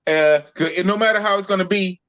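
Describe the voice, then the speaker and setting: A man from Oakland, California, hosts a podcast with slangy, playful casual chat. His voice sits notably high. The stream audio is dull and muffled. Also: a little fast, a bit bright, clean tone. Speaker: podcast host.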